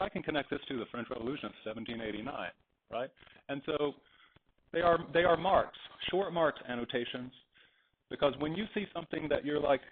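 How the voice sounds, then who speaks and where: A man's voice: fairly high pitch, fairly quick, slight background noise. Male teacher lecturing on a tinny recording. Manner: animated, digressive, acts out anecdotes. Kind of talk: classroom lecture. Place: classroom.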